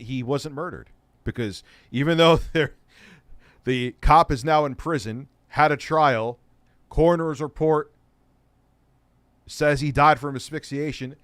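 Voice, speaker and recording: A man's voice: medium pitch, fairly bright tone, dry recording. A man hosting an online show, giving casual, sarcastic commentary on clips. He sounds exasperated and swears freely. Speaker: host.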